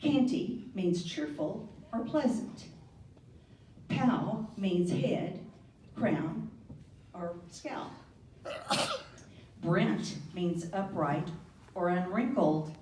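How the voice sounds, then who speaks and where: A woman gives a teasing, humorous toast at an unhurried pace, often laughing at her own lines. Her voice sits a little low. She is recorded from a distance in a reverberant hall with faint room noise behind her. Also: animated. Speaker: toast speaker at a Burns supper. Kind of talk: humorous after-dinner toast. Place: banquet hall. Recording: echoey hall from far off.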